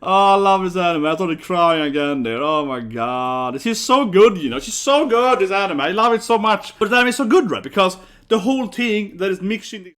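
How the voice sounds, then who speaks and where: A man's voice: high-pitched, animated, fairly quick, few pauses, fairly bright tone. A man gushing enthusiastically about an anime he loves. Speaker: anime reactor.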